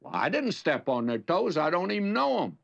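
An older man with a Southern US accent gives a folksy radio Bible lesson, his fairly high voice swooping up and down with lively emphasis. The recording sounds dull and lo-fi, like old radio. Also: normal speed, vocal fry. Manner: folksy and anecdotal, with dramatic emphasis.

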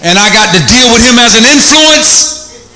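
A middle-aged man preaching an energetic sermon, shouting in bursts and acting out different tones of voice. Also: very high-pitched, moderate pace, roomy sound, background noise.

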